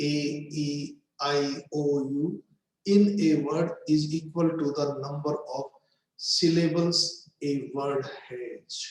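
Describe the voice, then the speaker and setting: A man giving a slow, deliberate lecture on English literature, repeating words to stress their syllables. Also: a little high, a little mellow, a little hiss or hum. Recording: very echoey room.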